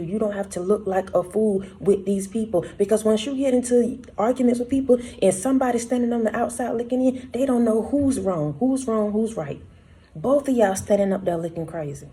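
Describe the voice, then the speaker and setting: A woman's voice: mid-range voice, moderate pace, warm tone, breathy edge. A woman sharing a prophetic word in a casual, conversational way, speaking straight to her listeners. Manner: conversational, addresses listeners as y'all and baby. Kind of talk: casual spoken devotional.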